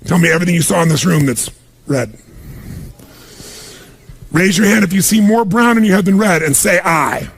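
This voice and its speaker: A man's voice: high voice, fairly quick, gravelly, long pauses, husky. A man giving an emphatic motivational seminar talk to a live audience in a large room, pushing them with repeated commands. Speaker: motivational speaker.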